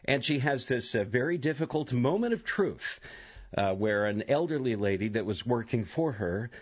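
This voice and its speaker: Brief: husky male talk radio host, animated pitch, chatty with lots of ums, dull lo-fi broadcast sound. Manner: chatty, halting with many fillers. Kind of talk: live call-in radio talk.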